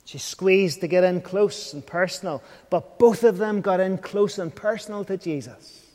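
A man's voice: sits high, normal speed, darkish tone, in a large hall. A man preaching an evening sermon, earnest and questioning, sometimes dropping to a near whisper.

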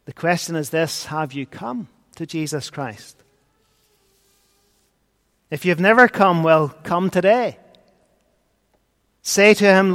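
A man preaching a sermon, earnest, swinging between loud and hushed. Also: fairly high pitch, slow pace, long pauses. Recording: long hall reverb.

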